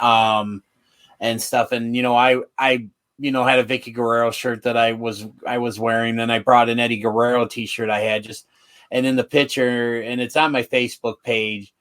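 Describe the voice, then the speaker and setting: A man co-hosting a podcast, talking casually in halting bits with many restarts. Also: mid-range voice, fairly bright tone. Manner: halting, full of restarts and fillers. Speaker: podcast co-host.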